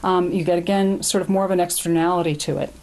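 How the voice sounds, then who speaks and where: A woman's voice: on the low side, fairly even intonation, quick pace, darkish tone. A woman giving a recorded lecture on classical poetry, explaining thoughtfully and correcting herself as she goes. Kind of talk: recorded lecture with Latin readings.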